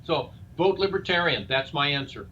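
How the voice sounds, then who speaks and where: An older man who is a presidential candidate speaks earnestly as a guest in a live interview, posing rhetorical questions as if giving a speech. His high-ish voice is animated, bright and forceful at a normal speed, and the audio is dull and lo-fi with faint noise.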